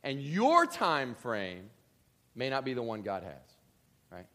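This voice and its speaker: Taking it slowly in a mid-range voice, a preacher speaks earnestly and directly to his congregation. His sermon rises into emphatic, animated bursts.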